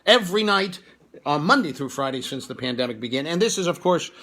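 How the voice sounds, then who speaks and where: A man hosting a homemade comedy show, rambling in a deadpan way with lots of hesitant fillers. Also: a little high, fairly quick. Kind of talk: improvised comedy banter. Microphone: home webcast setup.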